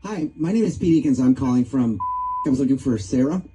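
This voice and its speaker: A man's voice: medium pitch, animated, brisk, dark tone, rough recording. A man hosting a radio prank call, sounding mock-earnest and stammering as he acts worked up.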